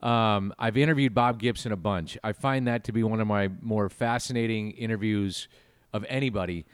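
A man co-hosting a casual podcast chat, a baseball broadcaster speaking in a relaxed, reflective way. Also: lowish voice, moderate pace, smooth, no room sound. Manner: relaxed and reflective, with small restarts.

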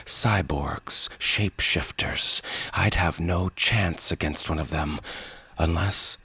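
A man voicing a calm, wry man in power armor, speaking in a dry, measured way in an audio fiction reading. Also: low voice, vocal fry, slightly rough, exaggerated voice. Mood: earnest.

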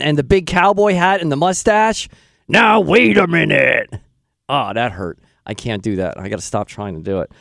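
A man hosting a radio show, talking in an excitable, self-deprecating way. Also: sits high, no echo, clean studio sound. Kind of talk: casual radio chat.

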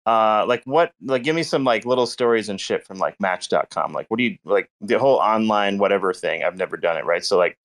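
A man's voice: on the low side, animated, fairly quick, hardly any pauses, a bit bright. A married man co-hosting a casual chat, rambling with many restarts and fillers. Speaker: co-host.

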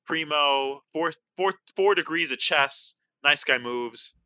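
A young man co-hosting a podcast, chatting casually and openly, animated and emotional. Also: on the high side, takes it slowly, no room sound. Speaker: podcast co-host.

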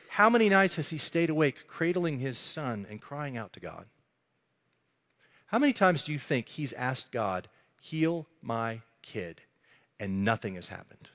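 Male pastor, sermon, earnest storyteller, lively intonation, long hall reverb. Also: a little high. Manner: earnest storytelling, acting out quotes. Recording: echoey hall.

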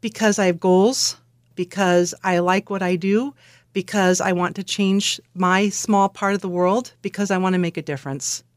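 Lively woman guest telling stories. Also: mid-range voice, normal speed, dry recording, clean studio sound. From California. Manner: animated storyteller, laughs often, acts out quotes. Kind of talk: conversational interview.

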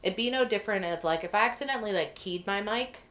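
A woman guest on a podcast, telling a work story in a casual, lively way, swearing freely and acting out what people said. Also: medium pitch, quick pace. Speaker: podcast guest, corrections treatment provider.

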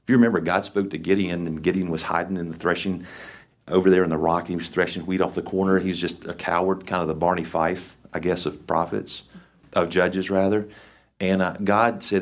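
Speaking fairly quickly in a low, steady tone, a man preaches a sermon as a lay preacher. After reading scripture aloud, he unpacks it with homespun asides and repeats points for emphasis.

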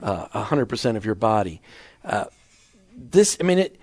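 A man's voice: lowish voice, big pitch swings, normal speed, darkish tone, no room sound. A man hosting a podcast on location, chatting in an upbeat casual way, often restarting his sentences. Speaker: podcast host. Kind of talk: casual interview chat.

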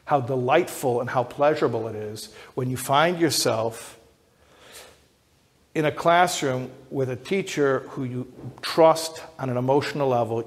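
A man who is an educator, giving a lecture that builds to emphatic high peaks, often repeating and restarting words as he thinks aloud. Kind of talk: lecture to an audience. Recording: long hall reverb.

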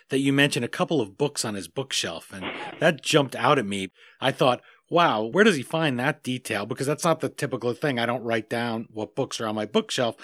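A man of middle pitch hosts a conversational interview, asking curious questions and adding chatty asides. His voice is dry and close, with no room sound. He sounds relaxed and engaged. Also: no echo. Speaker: interview host.

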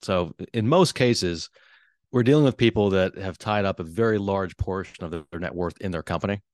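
A man who works as a wealth advisor, explaining business topics on a podcast in a measured, earnest way. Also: sits low, darkish tone, no echo, studio quality. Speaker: wealth advisor, show host.

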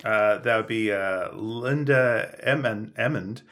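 A man's voice: fairly low pitch, slow pace, fairly bright tone. A man co-hosting a film podcast, trading wry, teasing remarks in casual discussion. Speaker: podcast co-host.

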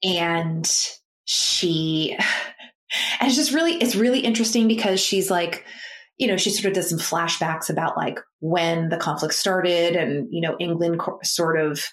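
A woman's voice: fairly low pitch, measured pace, reverberant. A woman chatting casually about books as a podcast co-host, rambling with many fillers and restarts. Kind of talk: casual book chat.

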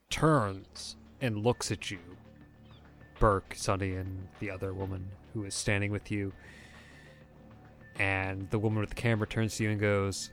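Slow, low-voiced game master man. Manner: relaxed, rambling description with fillers. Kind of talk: narrating a tabletop game.

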